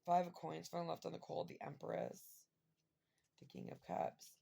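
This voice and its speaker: Gravelly-voiced emotional woman reading tarot. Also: fairly low pitch, little pitch movement, normal speed, a little mellow, a little hiss or hum. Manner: emotional, rambling, filler-heavy. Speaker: tarot reader. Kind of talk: casual tarot reading to viewers.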